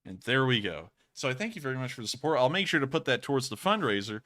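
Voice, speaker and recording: A man's voice: medium pitch, big pitch swings, quick pace, a bit bright. A man from Alabama, co-hosting a casual livestream, reading out donations and thanking viewers at length, with a lot of repetition. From Alabama, USA. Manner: thankful, rambling, repeats thanks often. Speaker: livestream co-host.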